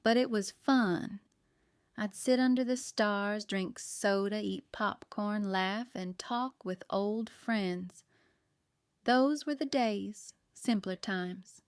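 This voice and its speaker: A woman voicing a shrewd, folksy older woman baker who talks in a slow, homespun, musing way. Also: medium pitch, clear, resonant tone, no room sound, studio quality. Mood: nostalgic.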